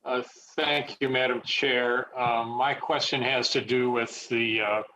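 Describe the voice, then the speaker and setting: A man, a state legislator, asking a deliberate, halting question at a committee hearing. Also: medium pitch, fairly even intonation, bright, forceful tone. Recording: dull, lo-fi audio.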